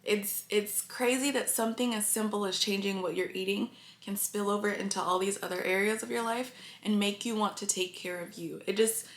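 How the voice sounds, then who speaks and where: A woman speaks straight to her viewers in a confiding, heartfelt way, emotion close to the surface. Her voice sits at an ordinary middle pitch. The room around her rings with noticeable echo. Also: steady tone, normal speed, few pauses. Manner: earnest and confiding, addresses viewers often. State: emotional, near tears. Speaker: vlogger. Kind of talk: casual talk to camera. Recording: echoey room.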